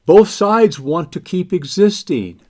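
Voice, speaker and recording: A man co-hosting a spiritual talk radio conversation, explaining ideas in a measured way. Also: high-pitched, lively intonation, a little mellow. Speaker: co-host.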